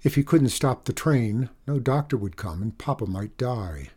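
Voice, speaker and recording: A man reading a story aloud in an even, measured storytelling manner. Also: mid-range voice, husky. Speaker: narrator. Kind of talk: audiobook narration.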